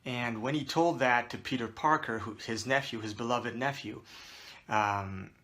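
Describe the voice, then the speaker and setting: Male host, bright forceful voice, chatty rambling commentary, lots of fillers. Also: medium pitch, a little slow. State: out of breath. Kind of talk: casual to-camera commentary.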